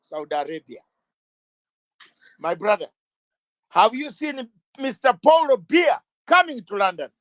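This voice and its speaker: High-voiced man firing rhetorical questions. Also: very animated, measured pace, long pauses, a bit bright, no room sound. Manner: emphatic, fires rhetorical questions, raises voice; stumbles and restarts words. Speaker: interview guest, legal campaigner. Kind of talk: impassioned interview talk.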